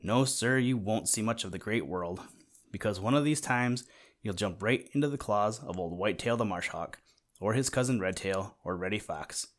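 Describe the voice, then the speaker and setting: A man's voice: fairly low pitch, moderate pace, close to an everyday voice. A man doing an earnest little meadow mouse. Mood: earnest, worried. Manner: earnest, advising. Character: small fretful male meadow mouse. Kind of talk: storybook reading.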